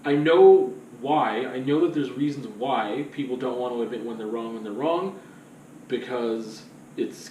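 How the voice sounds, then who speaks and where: A man's voice: medium pitch, darkish tone, a little hiss or hum. Rambling man, roomy and distant. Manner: rambling, filler-heavy, loose and conversational. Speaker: vlogger. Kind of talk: casual rambling monologue.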